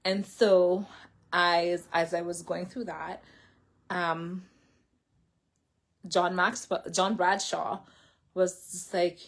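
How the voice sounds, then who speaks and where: A woman's voice: on the low side, little pitch movement, slow, long pauses. A woman seated indoors, talking to a camera in a rambling, casual way, full of filler words and self-corrections as she shares a personal faith story. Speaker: vlogger sharing a faith and healing story. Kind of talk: casual spoken testimony.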